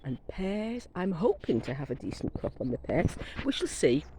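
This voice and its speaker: A woman's voice: lowish voice, sing-song, normal speed, background noise. A middle-aged woman, chatting casually as she walks round her back garden, rambling and gushing over her plants while coming down with a cold. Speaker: gardening vlogger. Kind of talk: casual garden walk-through. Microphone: phone camera carried while walking.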